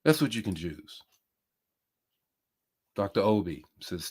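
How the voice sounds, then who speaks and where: A man's voice: fairly low pitch, sing-song, takes it slowly, long pauses, breathy edge. A bishop preaching a sermon with passion, repeating his key phrases and reading out comments from listeners. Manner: impassioned, repeats phrases, reads comments aloud.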